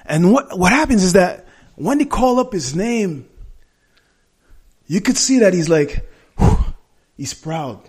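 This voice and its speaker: A middle-aged man with a fairly high voice, speaking as a guest in a relaxed conversation. He tells a personal story earnestly, stopping often to restart or correct himself. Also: slow, long pauses, slightly rough.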